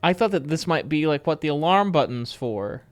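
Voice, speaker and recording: A man's voice: on the high side, very animated, normal speed, dry recording. A man streaming a game, keeping up a dry running commentary and talking back to the game. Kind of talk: casual live-stream gameplay chat.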